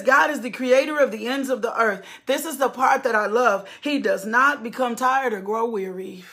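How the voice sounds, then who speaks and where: A woman preaching a sermon with fervent, repeating cadences, calling on her listeners to answer back. Her voice is slightly high and husky, with a touch of in her speech. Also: fairly bright tone. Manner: fervent, repetitive preaching cadence with call-and-response.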